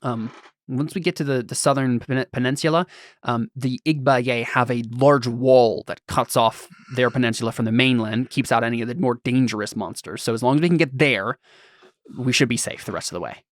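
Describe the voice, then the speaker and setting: A man running a tabletop role-playing game, explaining the world at an unhurried pace with frequent pauses and fillers. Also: mid-range voice, no echo, studio quality. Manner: hesitant, thinks aloud with many fillers. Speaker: game master.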